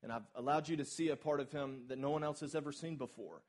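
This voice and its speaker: A man's voice: a little high, fast. A male pastor preaching a sermon at a church service, talking in a conversational, emphatic way and putting questions straight to the congregation.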